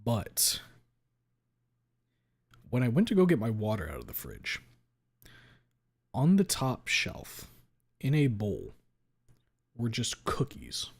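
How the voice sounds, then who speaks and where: A husky-voiced man chats casually with his live stream viewers, taking it slowly and pausing often, with huge swings in pitch. He swears a lot, keeps saying "like," and turns loud and high when he finds something funny.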